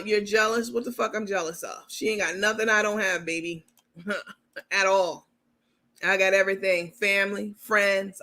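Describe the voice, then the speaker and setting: A woman's voice: medium pitch, pushed and bright. A woman hosting a live gossip commentary show, talking bluntly and profanely straight to her viewers and reading out their comments.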